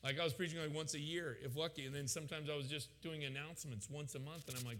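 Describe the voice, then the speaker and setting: A man in his thirties preaching from the pulpit, his bright, forceful voice climbing into loud emotional peaks. He stumbles through restarts and fillers as he tells it. The sound carries a long reverb from the church hall. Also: fairly high pitch, steady tone, fast talker, few pauses, a little hiss or hum. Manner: frequent fillers and stammered restarts. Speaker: pastor. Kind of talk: sermon storytelling. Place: church sanctuary.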